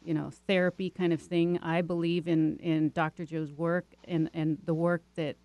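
A woman's voice: deep voice, little pitch movement, moderate pace, a little mellow, no echo. A woman telling a personal story as an interview guest, chatty, with many fillers and restarts. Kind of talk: casual storytelling.

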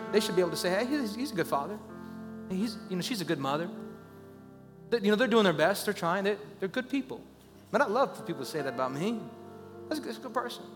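A man preaching a sermon as a pastor, talking conversationally and rising into loud, urgent pleas. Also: high-pitched, big-room sound.

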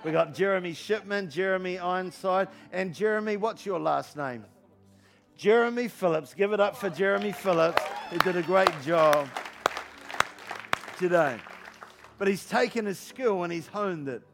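A man in his fifties delivers an energetic sermon in a high, gravelly voice. He jokes with the congregation and hammers home his points with repeated questions, while soft music plays underneath. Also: normal speed, crowd noise. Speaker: pastor. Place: church hall.

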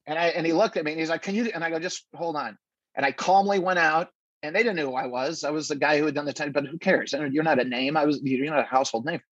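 Comic guest, male, husky and dry, animated storyteller who keeps restarting. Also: on the high side, racing, dry recording, highs cut off. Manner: animated, many restarts, acts out quotes. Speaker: stand-up comedian guest. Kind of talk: casual interview storytelling.

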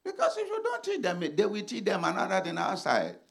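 A man's voice: sits high, wildly swooping pitch, fairly quick, vocal fry. Fiery preaching man. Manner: dramatic, swings between shouting and hushed speech. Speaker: pastor. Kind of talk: sermon.

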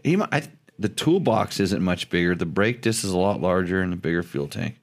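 Low-voiced rambling male podcast host. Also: expressive. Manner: rambling, halting, many restarts. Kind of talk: casual chat about motorcycles.

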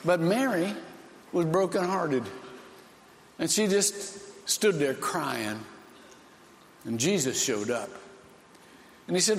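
A man preaching a sermon as pastor, slow and folksy, with dramatic pauses. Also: a little high, animated. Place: church sanctuary. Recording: echoey hall with long reverb.

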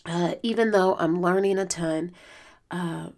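A woman's voice: lowish voice, fairly even intonation, a little slow, darkish tone. A woman hosts her own podcast, talking to listeners in a loose, heartfelt way. Her voice sounds strained and tired from lost sleep. She wanders through thoughts with frequent fillers and restarts. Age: adult student. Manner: earnest, reflective, emotional, with many fillers. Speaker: podcast host. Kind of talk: casual solo podcast talk.

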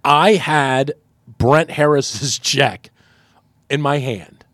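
A man's voice: drawn-out words, no room sound. A man, a radio host, telling a story in casual chat and acting out the quotes. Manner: animated storyteller, acts out quotes with big pitch jumps.

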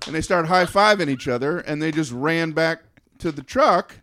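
A man with a fairly high, slightly bright voice casually recounts a funny anecdote. The studio sound is clean, with no room sound. He speaks haltingly, repeats words, and laughs through the story.

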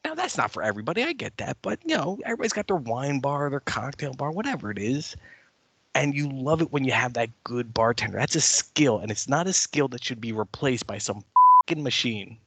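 Animated, swearing older man with a bright voice. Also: medium pitch, fairly quick, creaky, slightly rough, no room sound. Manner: animated storyteller, swears freely. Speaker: podcast co-host. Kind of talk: casual chat.

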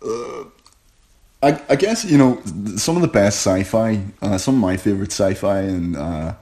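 A man's voice: lowish voice, normal speed, dark tone. A man with a Northern Irish accent, a comic writer talking casually in an interview and thinking aloud as he goes.

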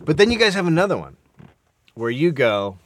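A man's voice: on the high side, very animated, fairly quick. A man co-hosting a comedy podcast, talking in casual, crude banter and laughing often. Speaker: podcast co-host.

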